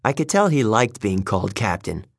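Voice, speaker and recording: A man narrating a first-person story in a measured, steady way, recorded close to the mic. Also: on the low side, no echo. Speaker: audiobook narrator.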